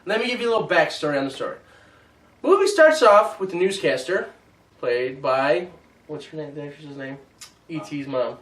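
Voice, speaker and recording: A man hosting a casual movie review chat, animated and teasing. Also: a little high, moderate pace. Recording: roomy echo, mic at a distance.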